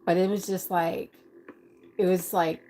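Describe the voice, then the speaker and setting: Middle-aged lady on a live stream, rambly and earnest, lowish voice, faint hum behind her. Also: flat delivery, a little slow, warm tone, rough recording. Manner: earnest, rambling, talks straight to viewers. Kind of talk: casual live-stream chat.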